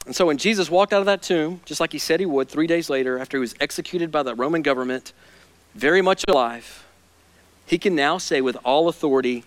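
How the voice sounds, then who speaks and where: Pastor guy preaching hard, pretty high voice, goes quiet then loud. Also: a little fast. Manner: swings from hushed intensity to loud fired-up preaching. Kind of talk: sermon.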